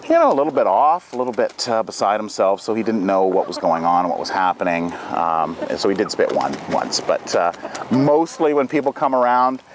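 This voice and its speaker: A man's voice: lowish voice, animated, a little fast. A man chatting in a loose, easygoing way while he tends his farm animals outdoors. His voice moves up and down a lot, and there is a faint hiss with animal sounds behind him. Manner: soft coaxing talk to the animals, loud calls to the herd. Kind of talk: casual vlog talking to camera and animals.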